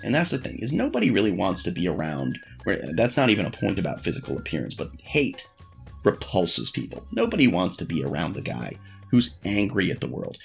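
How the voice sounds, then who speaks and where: A man's voice: low voice, wildly swooping pitch, fairly quick, vocal fry, breathy edge, faint music behind. A man vlogging frank dating advice in a blunt, profane, self-deprecating casual monologue.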